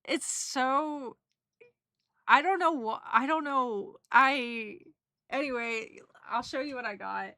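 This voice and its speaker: A woman's voice: high voice, slow, bright, forceful tone, no room sound, clean studio sound. A young woman casually recapping a trip for her stream, rambling and emotional, with giggles and lots of fillers. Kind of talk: casual chat.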